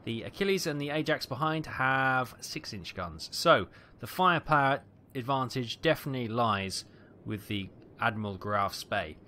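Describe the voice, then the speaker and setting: A man's voice: medium pitch, expressive, moderate pace, bright, forceful tone. A man hosting a gaming channel, chatting and explaining as he plays, with frequent fillers. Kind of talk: game commentary.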